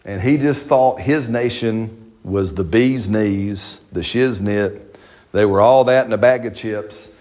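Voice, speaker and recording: A man's voice: lowish voice, slow, darkish tone. A man preaching a sermon as pastor, folksy and joking, with slang and playful asides to his congregation.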